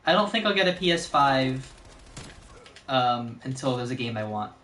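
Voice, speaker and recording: A man's voice: mid-range voice, sing-song, moderate pace, sharp tone, slight background noise. A man streaming a game, chatting casually, laughing often and breaking into silly voices. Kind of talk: casual chat while gaming. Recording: roomy echoey room.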